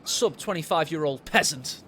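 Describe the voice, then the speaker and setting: A man doing live game commentary, excitable and cheeky, teasing his co-caster. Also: fairly high pitch, normal speed, noisy background. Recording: loud game battle sounds behind.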